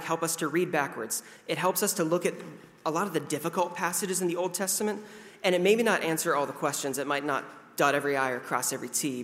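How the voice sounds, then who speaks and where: This pastor, a man in his thirties, keeps his sermon casual and conversational, self-deprecating and now and then performing voices. He has a fairly high, a bit bright voice, recorded with long hall reverb.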